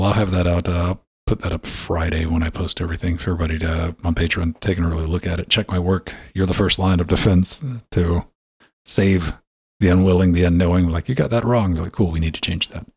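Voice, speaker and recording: A man's voice: deep voice, steady tone, a little fast, gravelly, husky, no echo. A man hosting a casual gaming podcast, talking in a loose, rambling way full of fillers. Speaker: podcast host. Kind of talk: casual chat.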